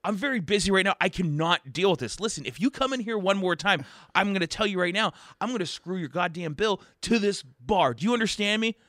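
A man's voice: very high voice, huge pitch swings, quick pace, bright, forceful tone, dry recording, voice pushed up, heavily acted. Give me a man putting on a seething bartender, exasperated, dry close sound. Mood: furious. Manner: exasperated ranting. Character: busy, furious male bartender.

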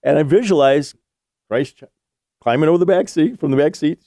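Middle-aged male host, mellow dark tone, upbeat and affirming, dry studio sound. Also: fairly high pitch, brisk, no room sound. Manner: enthusiastic, affirming interviewer. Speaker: podcast host. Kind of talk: casual faith conversation.

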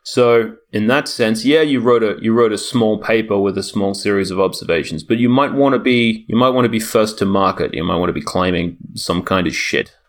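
A man's voice: lowish voice, fairly quick, few pauses. A man co-hosting a casual chat, rambling and sardonic, swearing freely.

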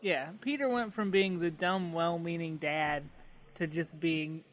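A mid-pitched co-host chatting casually. The delivery is dry and offhand, with easy joking asides. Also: unhurried, fairly bright tone. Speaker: podcast co-host. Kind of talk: casual chat.

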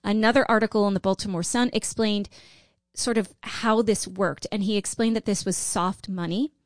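A woman with a mid-pitched voice telling a story to her co-host, drawing it out with teasing build-ups before reading excerpts aloud. The sound is close and dry. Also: fairly even intonation, moderate pace, dry recording. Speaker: podcast co-host. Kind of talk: casual chat, reading excerpts.

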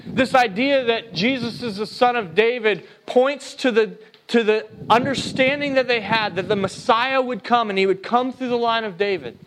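A man delivers a sermon in a conversational, animated way, and his voice sits high for a man. He reads scripture aloud and acts out the quoted lines. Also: normal speed, background noise. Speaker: preacher.

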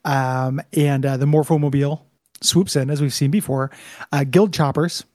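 A man co-hosting a podcast, recapping an episode in a relaxed, casual chat and laughing often. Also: a little high, moderate pace, dry recording, studio quality. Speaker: podcast co-host.

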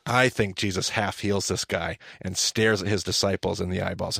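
A man's voice: low-pitched, brisk, gravelly, few pauses, husky, no room sound, clean studio sound. A man hosting a podcast, teaching in casual chat and acting out the lines he quotes. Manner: animated storyteller, acts out quoted lines.

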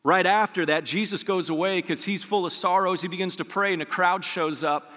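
A man's voice: high voice, steady tone, a little fast, pushed and bright, in a large hall. A man preaching a sermon as pastor, talking conversationally and acting out scenes from scripture.

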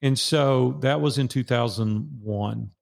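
A man's voice: mid-range voice, takes it slowly, creaky, a little mellow. A man in his sixties, a guest on an interview show, telling a personal story in an earnest, preacherly way and acting out the dialogue.

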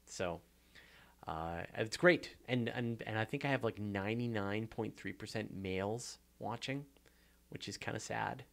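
A man's voice: on the low side, steady tone, moderate pace, vocal fry. A Canadian man hosting a casual viewer Q&A, chatty and self-deprecating, with many fillers and restarts. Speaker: show host answering viewer questions. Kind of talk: casual live Q&A chat.

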